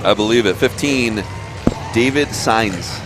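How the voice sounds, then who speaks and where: A man's voice: on the low side, unhurried, over music. A man calling a demolition derby live, reading out drivers and car numbers in a matter-of-fact way. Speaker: derby commentator. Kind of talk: live event commentary. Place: outdoor demolition derby track. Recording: very loud engine noise outdoors.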